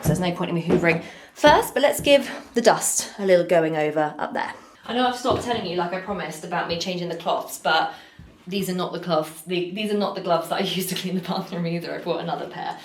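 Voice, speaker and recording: A young British woman chatting casually while she cleans an office, often drifting into tangents, recorded on a camera set down in the room. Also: on the low side. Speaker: cleaning vlogger. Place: office building indoors. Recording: echoey room with faint noise.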